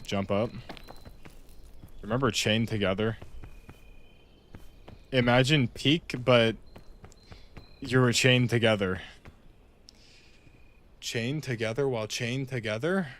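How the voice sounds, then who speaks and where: A man's voice: medium pitch, takes it slowly, long pauses, a bit bright. A man giving casual, joking gameplay commentary to a friend, making mock-dramatic complaints. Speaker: video game player.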